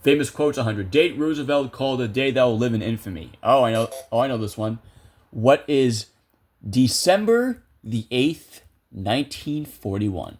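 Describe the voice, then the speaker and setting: A man's voice: medium pitch, expressive, moderate pace, a little mellow. A young man commentating a video game casually, chatty and self-amused, thinking aloud with lots of fillers. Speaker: gameplay video creator.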